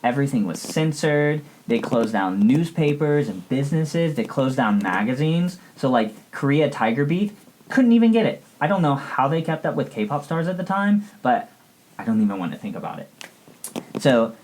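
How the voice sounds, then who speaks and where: A woman's voice: a bass voice, animated, normal speed, a little mellow, a little hiss or hum, low-quality recording. A woman doing a ditzy valley-girl student. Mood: bubbly. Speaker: student giving a history report. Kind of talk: comedic sketch lesson.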